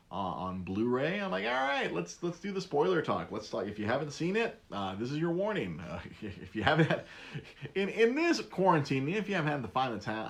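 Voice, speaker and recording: Man, podcast host, casual rambling monologue, animated pitch, lots of restarts.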